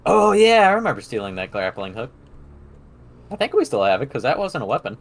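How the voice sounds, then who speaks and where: A man's voice: medium pitch, big pitch swings, brisk. A man playing a tabletop game, joking and wry about his character's chances. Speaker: player. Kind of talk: casual tabletop game play.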